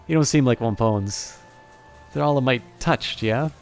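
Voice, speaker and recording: A man's voice: medium pitch, measured pace, soft background music, close to an everyday voice. A man voicing a blunt, wry woman mercenary. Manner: blunt, folksy, scornful.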